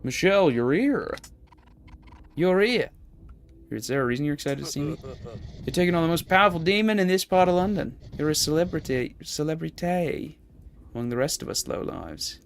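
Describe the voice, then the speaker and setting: A man voicing a wildly excited young woman fan in a game, gushing and squealing. Faint music plays underneath. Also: a little high, brisk, vocal fry, a little hiss or hum, pitched above the performer's own voice.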